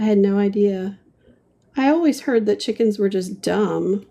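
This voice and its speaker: Slow, gravelly-voiced woman hosting a livestream. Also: mid-range voice, mellow. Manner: chatty, playful, reads and answers comments. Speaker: livestream host. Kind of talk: casual chat while painting live.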